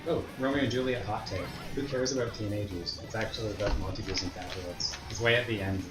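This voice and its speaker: A man's voice: on the low side, quick pace. A man chatting with friends while gaming, making wry jokes. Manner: joking, wry commentary. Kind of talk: casual chat while gaming. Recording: roomy sound with loud game music.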